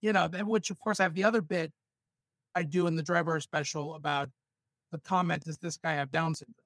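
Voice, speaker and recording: A male stand-up comedian from Los Angeles, telling stories with animated asides in a casual podcast chat. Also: a little high, a little fast, dry recording. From San Fernando Valley, Los Angeles.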